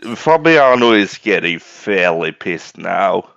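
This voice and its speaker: A man's voice: low voice, very animated, takes it slowly, creaky, a bit bright, no room sound. A man chatting casually as a player in a tabletop game, laid-back and joking. He is recorded on a dry, dull lo-fi mic.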